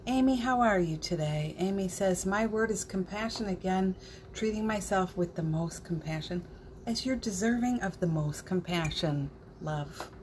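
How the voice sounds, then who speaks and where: Over some background noise, a woman with a mid-range voice and moderate pace hosts a spiritual morning livestream, chatting easily, reading viewer comments, and getting emotional to the point of laughter and near tears.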